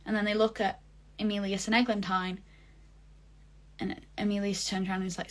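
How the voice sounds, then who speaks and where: A young woman chats through a theatre review for her vlog, gushing and full of fillers. Her voice sits in a middle pitch, and her talk stays loose and unscripted. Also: little pitch movement, brisk. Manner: chatty, gushing, many fillers. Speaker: vlogger.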